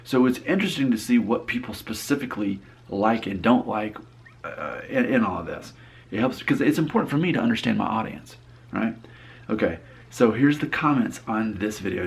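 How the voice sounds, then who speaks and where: A man in his late thirties, a casual vlogger who reads his viewers' comments aloud and answers them drily. His voice sits low with a gravelly edge. He talks on and on, often going back over and restarting his phrases. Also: lively intonation, normal speed. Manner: talkative, repeats and restarts phrases. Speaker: YouTube creator.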